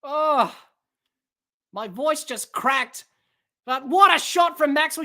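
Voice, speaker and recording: Woman calling cricket live on her podcast, bright kinda higher voice, gets really excitable. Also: slow, pauses often. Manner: excitable, bursts into shouting at big shots; reads out chat comments and chats to listeners. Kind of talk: live watch-along sports commentary.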